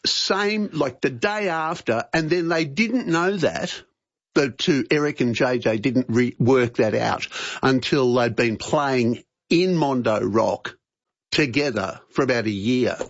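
A man's voice: mid-range voice, takes it slowly, no room sound, muffled recording. A man chatting casually on radio, rambling through anecdotes and laughing often. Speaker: radio show regular.

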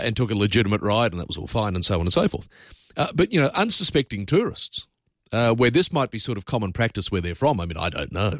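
A man's voice: fairly low pitch, fairly bright tone, no echo. An Australian man hosting talkback radio from a studio. He talks in a chatty, opinionated way with loose asides. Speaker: radio talk host. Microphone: studio microphone.

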